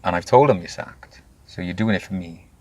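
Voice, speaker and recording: A man, telling his own story candidly in an interview, animated and swearing freely. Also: sits low, fairly quick, no echo. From Wales. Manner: animated, swears freely, acts out quoted voices. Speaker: guest.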